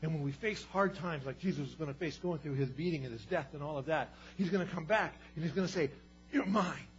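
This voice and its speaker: A man preaching a sermon, telling stories with lively swings between loud and hushed delivery. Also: on the high side, quick pace, soft background music. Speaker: pastor. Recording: dull sound with faint hum.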